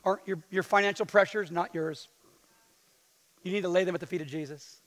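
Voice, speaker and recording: A man preaching with a strikingly high, bright, forceful voice that rings through a church with a long echo. He jokes and teases the congregation between points of his sermon. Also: a little fast. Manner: lively, joking preacher with playful asides. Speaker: pastor. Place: church sanctuary. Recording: long hall reverb in a church.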